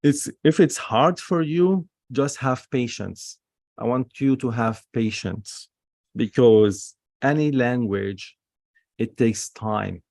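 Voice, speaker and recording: A man's voice: mid-range voice, slow, gravelly, darkish tone, no room sound, studio quality. A man teaching an online Hebrew reading lesson, patiently sounding words out syllable by syllable and repeating key points.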